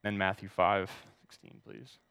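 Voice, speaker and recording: A man's voice: low-pitched, monotone, unhurried, a bit bright, smooth, long reverb tail. A man preaching a sermon, reading scripture aloud and asking the congregation to turn to verses. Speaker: pastor.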